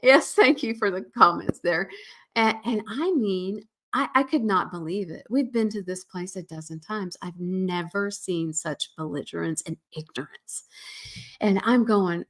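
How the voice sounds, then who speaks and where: A woman hosts her podcast in a mid-pitched voice, recounting a hard personal story with earnest emotion. She laughs through the painful moments and slips into a soft, soothing parent voice when she quotes herself. Her delivery stays animated and heartfelt throughout. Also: moderate pace. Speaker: podcast host.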